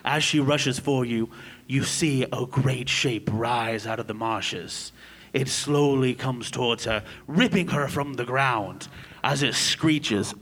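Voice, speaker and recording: A man's voice: mid-range voice, takes it slowly, noisy background. A man serving as game master, narrating a tabletop game with dramatic storytelling.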